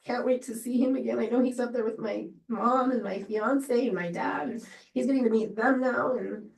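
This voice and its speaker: A woman's voice: fairly high pitch, vocal fry. Rambling woman, distant roomy sound. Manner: halting and rambling, many fillers and restarts. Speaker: friend giving a memorial tribute. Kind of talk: emotional unscripted memorial speech. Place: memorial gathering room. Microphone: distant laptop or room mic on a video call. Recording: roomy, distant video-call audio.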